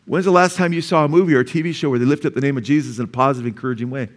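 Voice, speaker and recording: A man's voice: medium pitch, rapid-fire. A male pastor preaching a conversational sermon, full of asides and rhetorical questions.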